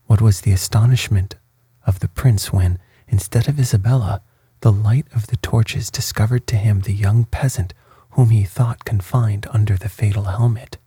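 A man reads a bedtime story in a hushed, deeply breathy voice. His tone is dark and mellow, with very little rise and fall. The recording is close and dry. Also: no room sound. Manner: slow, soft, even reading. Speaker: narrator.

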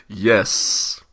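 A man co-hosting a podcast in casual chat, reacting to a friend's stories with slow, laughing disbelief. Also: medium pitch, very noisy. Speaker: podcast co-host.

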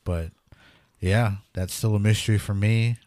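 Deep-voiced man telling a spooky story. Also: unhurried, dry recording, clean studio sound. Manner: animated storyteller, laughs nervously, acts out quotes. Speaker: podcast co-host. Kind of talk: casual storytelling chat.

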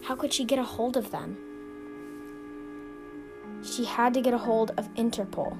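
A woman narrates a scripted suspense story in an earnest, steady manner, her voice pitched on the higher side. She hosts the show. Clear music plays behind her narration. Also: normal speed. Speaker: storyteller and podcast host.

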